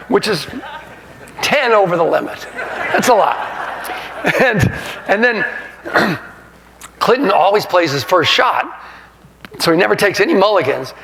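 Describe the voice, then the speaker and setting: Man, 60s, humorous storyteller with a raspy voice and wide pitch swings, recorded with long hall echo. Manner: animated, laughs through his anecdotes. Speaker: sportswriter and author giving a talk. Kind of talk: humorous storytelling to a live audience. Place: lecture hall. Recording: reverberant hall sound.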